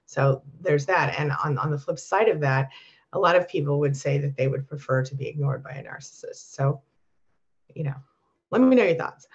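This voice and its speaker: A woman coaching abuse survivors on a live stream, reading viewer comments and answering them with warm encouragement. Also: deep voice, moderate pace, lo-fi sound.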